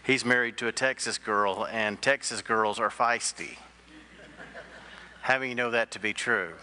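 Bright-voiced joking pastor. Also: male voice, on the low side, fairly even intonation, unhurried. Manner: joking storyteller who quizzes the congregation. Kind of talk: sermon.

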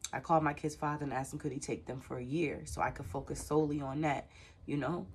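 A woman's voice: rumbling low, flat delivery, fast talker, a little hiss or hum. A woman hosting her own tarot channel, speaking frankly and personally in a direct-to-camera vlog, with frequent filler sounds. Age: adult with children. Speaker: tarot reader and channel host.

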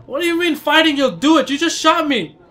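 A man giving excitable gameplay commentary, crying out in panic and cursing at the game. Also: very high-pitched, fairly quick. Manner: jumpy, cries out in panic, curses at the game. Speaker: let's play commentator.

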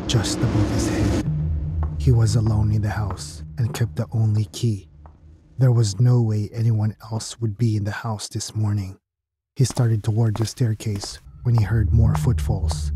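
A man with a fairly low voice reads a scripted horror tale in a steady, measured way. Clear music plays underneath his narration. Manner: steady, measured storytelling delivery. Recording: clean narration with music bed.

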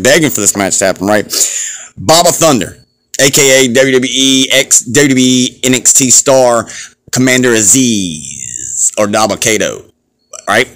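A man hosting a wrestling podcast alone, reviewing a show in a profane, rambling, excitable way. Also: mid-range voice. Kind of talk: casual solo show review.

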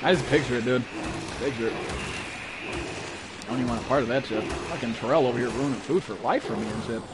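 A man streaming a game live, chatting casually and excitably with viewers and swearing constantly. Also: medium pitch, fast talker, loud music behind the voice. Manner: profane, excitable, calls viewers bro and dude. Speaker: gaming streamer.

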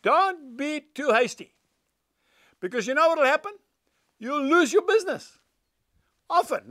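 A man's voice: very high voice, fairly bright tone, dry recording, clean studio sound. An older man, telling stories and preaching in an earnest, emphatic devotional talk.

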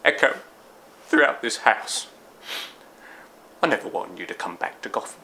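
A man voicing an older butler, hushed, breathy and solemn. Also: lowish voice, expressive, normal speed, slight background noise, poor audio. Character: older English butler, grave and tender.

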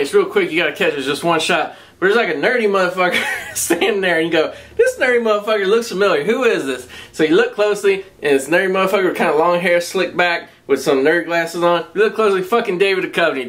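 A man's voice: on the high side, a bit bright. A man with a Southern US accent reviewing a movie in a casual, rambling, profanity-heavy way. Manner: profane, rambling, laid-back storytelling. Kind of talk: casual spoken film review.

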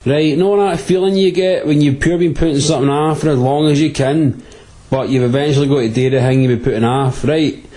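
Man slangy Glaswegian physics tutor, dark voice. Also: on the high side, steady tone, brisk. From Glasgow, Scotland. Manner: crude, jokey street slang. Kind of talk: comic slangy physics lesson.

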